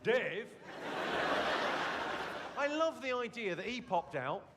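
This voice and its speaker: Brash, sweary comic, lively high voice. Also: male voice, takes it slowly, very noisy. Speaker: stand-up comedian. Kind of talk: live stand-up crowd work. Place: comedy club stage. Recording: live club, loud crowd laughter.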